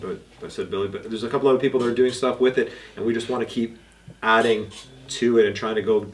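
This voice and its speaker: A man's voice: medium pitch, steady tone, fast talker, a little hiss or hum. Laid-back man from Canada, off-mic. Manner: laid-back, laughs easily, trails off. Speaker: panel guest, breeder. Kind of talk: casual round-table chat. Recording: voice picked up from a distance.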